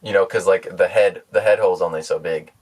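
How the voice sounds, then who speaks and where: Low-voiced, hesitant man. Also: steady tone, fairly quick, darkish tone, distant mic. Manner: hesitant and matter-of-fact, many fillers. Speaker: podcast co-host. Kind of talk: comedy podcast improv.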